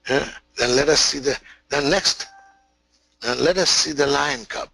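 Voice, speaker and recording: A man gives a spiritual webinar and tells a parable, speaking emphatically and often repeating or restarting his phrases. His pace is slow, and his voice is bright and forceful. The sound is close and dry. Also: on the high side, gravelly, no room sound, low-quality recording. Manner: emphatic, repetitive, many restarts. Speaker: spiritual teacher. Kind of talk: webinar teaching with storytelling.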